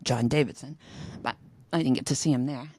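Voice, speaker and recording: A woman's voice: very deep voice, a little fast, warm tone, a little hiss or hum. Older woman telling rambling stories. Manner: rambling, storytelling with hesitations. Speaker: podcast co-host, mother. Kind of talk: casual chat.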